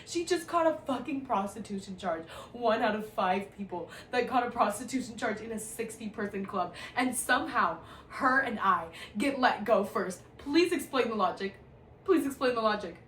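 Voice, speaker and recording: A woman's voice: a little high, normal speed, hardly any pauses. Young woman telling a profane story. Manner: profane, animated, laughing often. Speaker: storyteller vlogger. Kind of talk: casual storytime monologue. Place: at home, indoor room. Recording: echoey room, distant mic, faint hiss.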